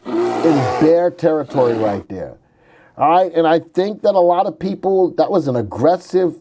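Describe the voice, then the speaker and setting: A man with a mellow voice on the high side hosts a casual stock market livestream. He jokes around and thinks aloud while pulling up charts for his market commentary.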